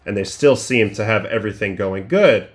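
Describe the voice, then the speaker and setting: A middle-aged man hosting a livestream, casually breaking down baseball pitches one by one and thinking aloud with restarts and fillers. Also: moderate pace. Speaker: livestream host breaking down game film.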